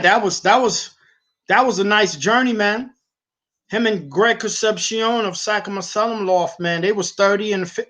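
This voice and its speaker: Animated slangy man hosting a livestream. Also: high-pitched. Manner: animated storytelling with slangy, repetitive speech. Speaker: livestream host. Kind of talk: casual livestream chat.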